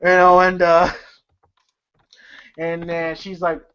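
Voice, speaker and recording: A man's voice: fairly high pitch, completely flat delivery, takes it slowly, bright, forceful tone, clean tone. Casual guy reviewer, recaps scenes, rambling, slightly dull lo-fi audio. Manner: rambling, full of fillers and laughter. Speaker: movie reviewer. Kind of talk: casual retelling of film scenes.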